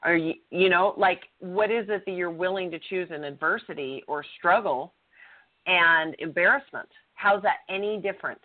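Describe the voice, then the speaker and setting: A woman's voice: on the low side, normal speed. A middle-aged woman co-hosting a talk show, telling a personal story in an earnest, blunt way and swearing freely. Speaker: co-host. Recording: tinny phone-line audio.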